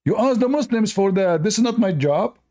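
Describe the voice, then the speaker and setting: A man hosting a live-stream debate, talking in a mocking, animated way with loose, non-native English phrasing. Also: high-pitched, brisk.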